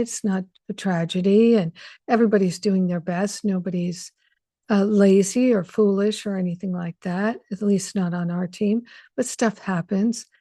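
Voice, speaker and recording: A woman hosts an online spiritual gathering over a video call mic, speaking earnestly and reflectively in a conversational way, with many fillers and restarts. Her mid-range voice is mellow, and the recording is dry.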